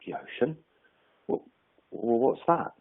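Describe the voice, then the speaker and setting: A man's voice: mid-range voice, huge pitch swings, fast, slightly rough, voice pushed up, heavily acted. A man voicing a naive small male frog who has only known his well, asking puzzled questions. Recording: tinny phone-like webinar audio.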